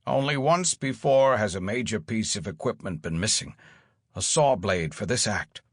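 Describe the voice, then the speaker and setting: A man's voice: lowish voice, lively intonation, moderate pace, dry recording. A man plays a fretful middle-aged stage manager who talks anxiously and hesitantly. The audiobook voice sits in a dry, close studio sound. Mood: worried. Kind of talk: audiobook character voice.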